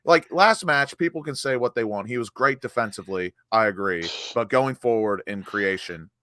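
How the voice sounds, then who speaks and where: A man's voice: fairly low pitch, normal speed, bright, forceful tone, dry recording, clean studio sound. A man co-hosting a fan channel, frustrated and swearing as he picks apart the team's play. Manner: frustrated, swearing, restarts his sentences. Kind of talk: angry post-match fan chat.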